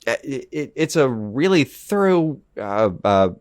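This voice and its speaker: A man co-hosting a podcast, defending his view in a halting way with many restarts. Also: medium pitch, very animated, a little mellow, smooth, dry recording, studio quality. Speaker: podcast co-host. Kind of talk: casual debate.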